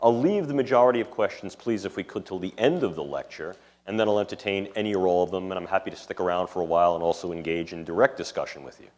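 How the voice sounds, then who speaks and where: New york city guy lecturing a room, kinda low voice, wordy academic way of talking. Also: quick pace, darkish tone. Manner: discursive academic, fond of jargon. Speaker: guest lecturer. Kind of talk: public lecture. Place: lecture room before an audience.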